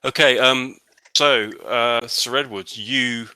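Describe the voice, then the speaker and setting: Bright-voiced man narrating as game master. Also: mid-range voice, steady tone, takes it slowly, clear, resonant tone, no room sound. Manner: hesitant, full of restarts and ums. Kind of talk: narrating a tabletop horror game.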